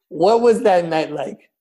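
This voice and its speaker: A high-voiced man hosts a comedy roast podcast, mocking his guests as he swings widely between loud jabs and muttered asides.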